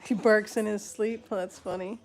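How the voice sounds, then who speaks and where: Woman host, mid pitch, fry-heavy voice, casual home live-stream chatter, cuts off words and restarts. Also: fairly even intonation, unhurried, a little hiss or hum. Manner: rambling, breaks off mid-word and restarts, talks to her pets.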